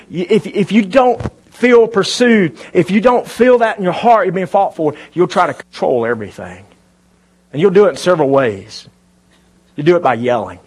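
Speaking to a live congregation from the church, this pastor preaches in a conversational tone and asks the people questions. His voice is high and slightly rough.

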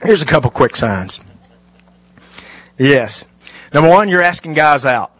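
A middle-aged man preaching a sermon, animated and lively, dropping to hushed, intimate asides. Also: fairly high pitch, unhurried, dry recording. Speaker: pastor.

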